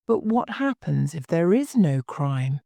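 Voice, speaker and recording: A woman's voice: low-pitched, big pitch swings, measured pace, creaky, dark tone, no echo, studio quality, heavily acted. A woman voicing a curious, polite young girl who asks puzzled questions.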